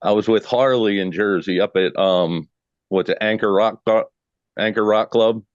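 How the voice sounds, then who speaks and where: A man's voice: fairly low pitch, steady tone, moderate pace, no room sound, highs cut off. A man co-hosting an interview, asking curious, easygoing questions in casual chat. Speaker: co-host.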